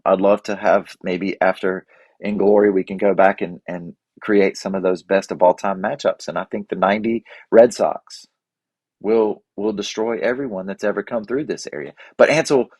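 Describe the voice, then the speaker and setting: A man shares stories in a rambling, folksy, self-deprecating way. His voice sits a bit low, and the recording is dry and close, with no room sound. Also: a little mellow, breathy edge, no room sound. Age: 40s. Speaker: podcast host. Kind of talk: casual reflective monologue.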